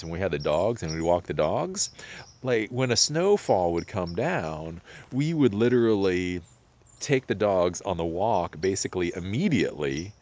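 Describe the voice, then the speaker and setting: A man in his thirties talking casually to camera outdoors in winter, reflective and rambling, with sudden animated rises. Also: deep voice. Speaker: vlogger. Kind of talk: casual vlog monologue. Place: outdoors in winter, near a pond.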